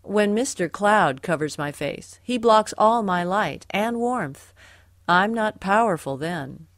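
A woman's voice: medium pitch, lively intonation, slow, no room sound, studio quality. A woman voicing a humble male sun in a storybook, explaining that he is not powerful.

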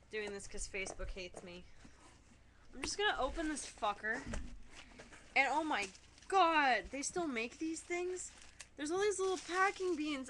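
Young woman on a webcam vlog, high and bright, chatty and excitable with lots of swearing, faint room noise. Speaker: vlogger. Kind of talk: casual webcam vlog, unboxing a package. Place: her room, indoors.

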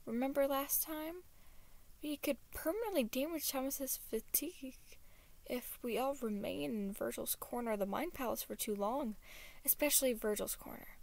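A woman reading aloud and voicing a cheerful fatherly male character in a fan story, speaking in a gentle, coaxing way. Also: high voice, moderate pace, creaky, pitched above the performer's own voice.

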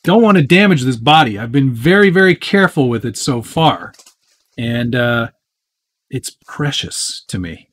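A man's voice: medium pitch, sing-song, unhurried, fairly bright tone. A man hosting a live stream, casually chatting and answering viewer questions while working on a model truck with his hands. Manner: chatty and easygoing, with frequent fillers and self-interrupting asides. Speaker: host of a live build stream.

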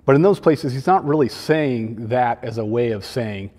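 A man, a children's pastor, preaching a sermon in a conversational, gently humorous way. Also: medium pitch, brisk, hardly any pauses, in a large hall.

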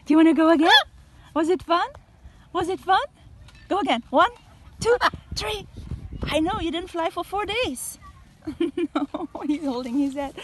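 A woman's voice: extremely high pitch, big pitch swings, a little slow, long pauses, pushed and bright. A young woman vlogging at a park, cooing and baby-talking to her parrot with frequent laughs. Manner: coos and baby-talks to her bird, laughs often. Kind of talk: casual outdoor vlog talk. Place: park outdoors, windy day. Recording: outdoor wind and park noise.

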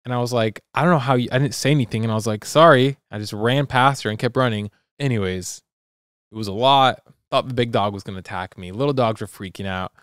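A young man co-hosting a podcast, telling a story in a loose, rambling, animated way. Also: fairly low pitch, quick pace, smooth, no room sound, clean studio sound. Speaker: podcast co-host. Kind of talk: casual chat.

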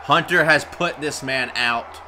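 A man giving an indignant live reaction to a match, stammering through restarts and bursting into shouts. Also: medium pitch, measured pace, noisy background. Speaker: vlogger reacting to a wrestling match. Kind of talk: heated live reaction commentary.

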